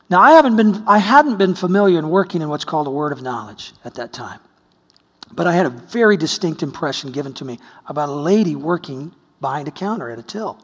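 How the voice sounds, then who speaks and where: A man from the United States preaching a sermon, telling a story, swinging between hushed and exclaiming. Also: a little high, husky. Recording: long hall reverb.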